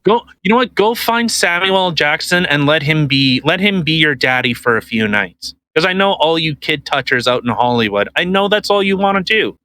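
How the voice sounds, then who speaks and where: A Canadian man co-hosts a podcast, his fairly high voice moving at a moderate pace with hardly any pauses. He rants casually and animatedly, swearing a lot and doing mocking put-on voices. The recording is rough.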